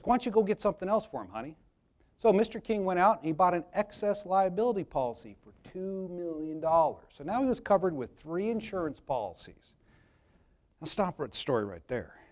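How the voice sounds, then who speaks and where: A man presenting a live workshop, talking conversationally to the audience and telling jokey anecdotes about insurance. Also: high-pitched. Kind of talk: live seminar talk with anecdotes.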